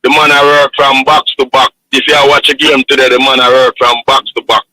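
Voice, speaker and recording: A man's voice: medium pitch, flat delivery, a little fast, pushed and bright, low-quality recording. A man with a Jamaican accent calling in to a sports show, giving earnest football analysis and repeating his points. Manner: earnest, repeats points, says you understand. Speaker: caller.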